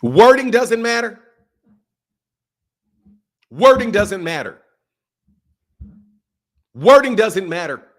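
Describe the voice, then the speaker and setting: A middle-aged man hosting a boxing channel, ranting and mocking his critics with heavy profanity, swinging between loud and soft. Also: high-pitched, sing-song, takes it slowly, pauses often. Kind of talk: ranting commentary.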